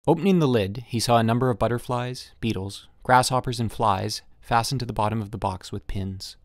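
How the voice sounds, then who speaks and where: A man narrating a classic short story as an audiobook narrator, measured and even. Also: medium pitch, no room sound, clean studio sound. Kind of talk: scripted narration.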